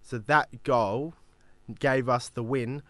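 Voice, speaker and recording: A man's voice: medium pitch, fairly even intonation, a bit bright, dry recording. A man hosting breakfast radio in upbeat, casual banter. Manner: upbeat, quick-talking presenter.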